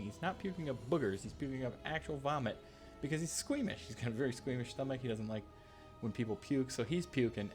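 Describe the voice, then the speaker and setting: A man telling a rambling story in a casual vlog, full of fillers and asides. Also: medium pitch. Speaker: channel host telling a story.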